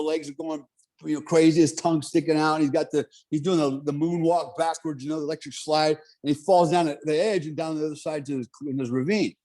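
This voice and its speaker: A middle-aged man telling a story in casual, profane talk, animated and laughing often. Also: fairly high pitch.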